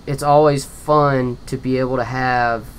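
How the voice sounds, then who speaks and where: A man, a guest musician and lead guitarist, chatting eagerly in quick bursts with restarts in a hot backyard shed. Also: medium pitch, fairly even intonation, a little hiss or hum. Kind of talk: casual interview chat.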